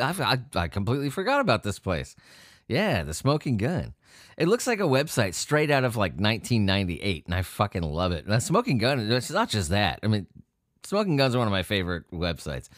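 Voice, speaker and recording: A man reads strange news items aloud and riffs on them between sentences. He swears freely and keeps laughing, and his pitch swings up and down a lot. The recording is dry and close to the mic. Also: sing-song, a little fast, a bit bright, no room sound. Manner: profane, joking, laughs through the reading. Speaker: host reading odd news stories. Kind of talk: casual solo commentary on news.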